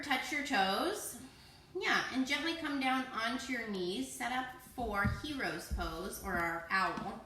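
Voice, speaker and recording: A high, bright-voiced woman guides children through yoga poses in a playful, encouraging way, cueing each breath. She talks slowly, and the voice rings in a very echoey room. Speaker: kids yoga teacher. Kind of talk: guiding a children's yoga class.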